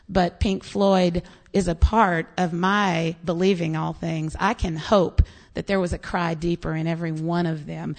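An American woman pastor preaches a sermon in a low, gravelly voice at a measured pace. She tells animated stories, quoting voices and laughing along the way.

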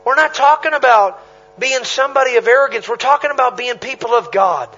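Revival stories fill this sermon from a traveling preacher, delivered with punchy repetition and quick bursts of laughter. His voice is very high, bright, sharp and expressive. Audio quality is dull and lo-fi.

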